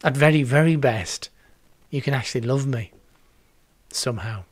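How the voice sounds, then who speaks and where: A man's voice: medium pitch, normal speed, dry recording. Older guy preaching from home, earnest, dry close sound, mid voice. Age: 60s. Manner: earnest, reflective, repeats words for emphasis. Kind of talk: home video sermon. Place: home setup with green screen.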